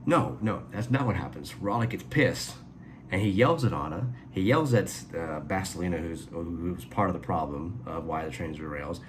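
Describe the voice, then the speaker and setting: A man giving a casual spoken review, retelling a story in a rambling, animated way with quick asides. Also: low voice, background noise. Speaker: reviewer and author.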